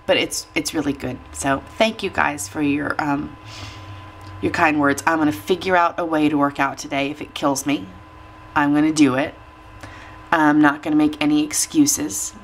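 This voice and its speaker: Lady vlogging at home, low voice, teary and chatty, laughs at herself a lot. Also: fairly even intonation, normal speed, slight background noise. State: tearful. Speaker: weight-loss vlogger. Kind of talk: casual chat to camera.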